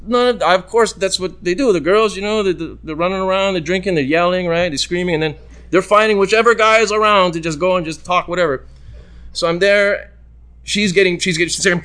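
Bright, animated man telling a story. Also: a little fast. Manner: animated, acts out quoted voices with big jumps in pitch. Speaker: radio show host. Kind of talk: casual storytelling chat.

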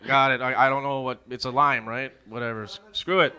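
Joking bright-voiced male podcast host. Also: medium pitch, steady tone. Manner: joking, loose, quick to laugh. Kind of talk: casual banter.

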